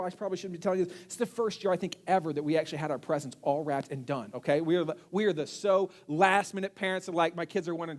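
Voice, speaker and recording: A man in his thirties, a pastor, giving a casual, conversational sermon full of self-deprecating humor and storytelling. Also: very high-pitched. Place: church sanctuary.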